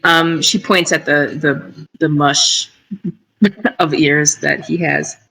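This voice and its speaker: A player in a tabletop game, describing their character's actions slowly and laughing often. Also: medium pitch, fairly even intonation, creaky, sharp tone, poor audio.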